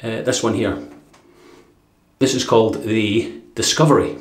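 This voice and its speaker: A man's voice: lowish voice, fairly even intonation, a little slow. A Scottish man from Dundee chatting casually through a product review, rambling with fillers and chuckles. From Dundee, Scotland. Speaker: shaving vlogger. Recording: echoey room.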